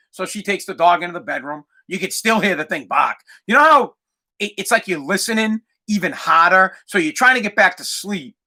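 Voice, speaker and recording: High bright-voiced exasperated male podcaster. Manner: exasperated ranting, yells and imitates barking. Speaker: podcast host. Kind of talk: casual comedic rant.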